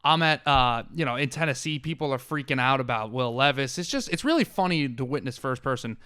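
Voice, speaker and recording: A man's voice: medium pitch, expressive, brisk, bright, forceful tone, clean tone, no room sound. A man co-hosting a sports podcast, telling stories animatedly with lots of fillers in a studio. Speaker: podcast co-host. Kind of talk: casual chat.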